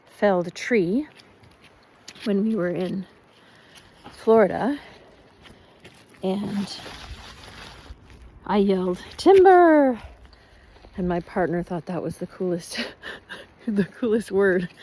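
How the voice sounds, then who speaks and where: A woman chatting casually while walking her dog outdoors, rambling and switching into halting German. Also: fairly low pitch, warm tone, slight background noise. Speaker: vlogger. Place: outdoors in a neighborhood.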